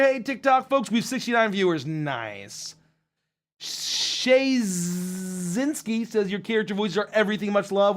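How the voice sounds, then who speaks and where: A man's voice: sits high, big pitch swings, unhurried, a bit bright. A man hosting a casual live stream Q&A, reading out viewer messages with jokes and swearing. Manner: joking and profane, thanking viewers.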